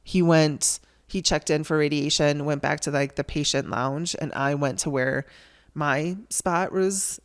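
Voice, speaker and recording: A woman's voice: sits low, fairly even intonation, a little slow. A woman telling a personal story on her podcast, in a candid and conversational way. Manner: candid, conversational, with restarts and blunt language.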